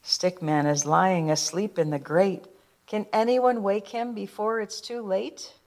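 A woman narrating a children's rhyming picture book with a gentle, rhythmic delivery. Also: mid-range voice, steady tone, unhurried.

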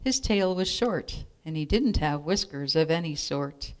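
A woman reads a rhyming children's picture book aloud, keeping a steady, measured rhythm. Her voice sits on the low side and her pace is very slow and deliberate. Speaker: storybook reader.

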